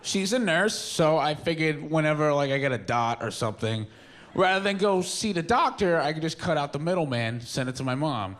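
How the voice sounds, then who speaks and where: A man doing stand-up, rambling and self-deprecating, breaking into sudden shouts. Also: a little high, lively intonation, fairly quick. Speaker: stand-up comedian. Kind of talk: stand-up storytelling. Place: stage with a live audience. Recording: live stage recording with faint room noise.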